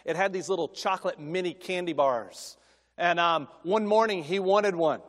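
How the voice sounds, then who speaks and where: A man's voice: sits high, moderate pace. A middle-aged man preaching as a guest speaker, telling folksy family stories that build into emphatic preaching. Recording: long hall reverb.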